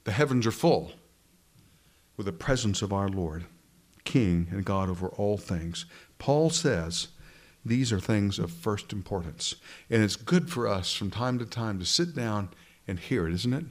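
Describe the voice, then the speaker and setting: A man's voice: lowish voice, animated, unhurried. A man pastor preaching a sermon, earnestly addressing his congregation directly.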